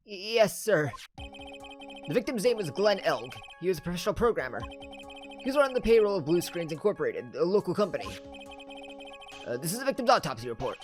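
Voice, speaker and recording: A clumsy, loyal police detective from a courtroom game, put on by a player reading aloud, with an attempted Brooklyn accent. He stammers and apologizes, his pitch bouncing widely. Faint music plays behind. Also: sing-song, brisk, long pauses, natural voice. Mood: flustered. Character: bumbling male police detective, loyal and flustered.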